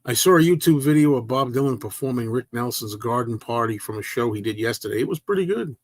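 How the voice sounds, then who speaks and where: A man's voice: mid-range voice, animated, quick pace, no echo. Chatty, rambling man on a livestream. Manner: rambling, self-interrupting, chatty. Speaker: livestream host reading viewer comments. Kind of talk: casual livestream chat.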